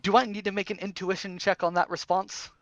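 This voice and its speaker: A woman's voice: medium pitch, little pitch movement, a little fast, no echo, dull audio. A woman playing a tabletop game, speaking in character in a playful, slangy way. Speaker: player.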